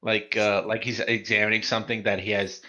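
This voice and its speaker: Man at a game table, bright and quick to joke, on a muffled lo-fi mic. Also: fairly low pitch, little pitch movement. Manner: joking, self-conscious, halting in character. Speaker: player.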